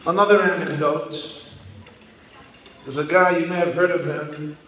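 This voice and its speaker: A man's voice: on the high side, steady tone, a little slow, a bit bright, a little hiss or hum. Storytelling man in an echoing hall. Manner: storytelling, emphatic. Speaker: speaker at an evening celebration. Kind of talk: anecdotes and speech to an audience. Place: large hall. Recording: echoey hall with faint ambience.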